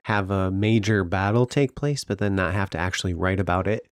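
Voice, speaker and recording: A man co-hosting a book podcast, talking in a measured, somewhat hesitant way. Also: sits low, fairly even intonation, heavy background noise. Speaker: podcast co-host. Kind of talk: casual chat.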